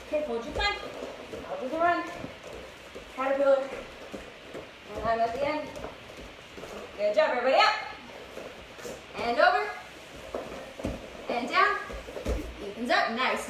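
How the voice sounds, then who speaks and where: An upbeat, high-pitched woman coaches a live kids' workout class outdoors in an open space, sounding slightly out of breath. The fitness instructor's recording is echoey and distant, with background noise.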